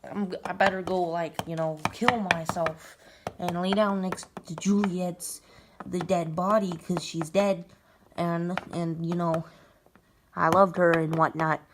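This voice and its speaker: A woman's voice: lowish voice, little pitch movement, unhurried, lightly acted. A woman voicing Romeo as a lovesick, melodramatic young man in a casual way. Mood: dramatic. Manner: dramatic, casual. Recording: noisy recording with clicks.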